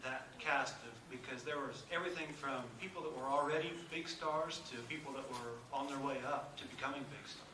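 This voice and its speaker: A man in the audience asking a question at a convention panel, with hesitant, halting phrasing. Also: mid-range voice. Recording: echoey hall, distant mic, noisy.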